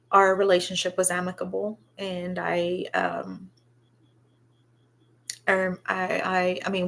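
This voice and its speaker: A woman telling a personal story, halting and reflective, with many pauses and fillers. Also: fairly low pitch, vocal fry. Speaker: vlogger sharing her own story.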